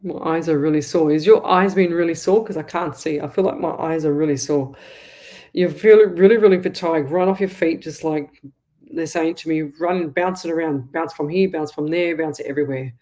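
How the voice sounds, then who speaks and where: A middle-aged Australian woman with a low, warm voice talks a little fast as she hosts a live psychic reading. As the medium, she's chatty and rambling, often repeating herself.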